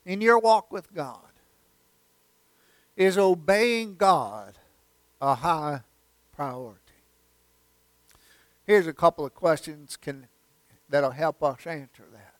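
Slow, folksy male pastor preaching. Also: fairly high pitch. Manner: folksy, humorous storytelling. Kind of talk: sermon.

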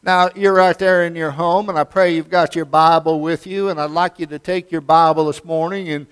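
A pastor preaching a sermon in a church, moving from folksy storytelling to emphatic preaching. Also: male voice, a little high, steady tone, normal speed, clear, resonant tone.

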